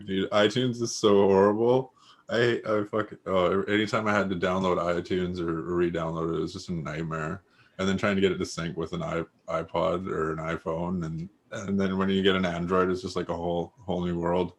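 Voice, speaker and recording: Laid-back male podcast guest from Canada, deep voice, easygoing. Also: flat delivery, brisk. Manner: laid-back, agreeable, swears casually. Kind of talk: casual podcast chat.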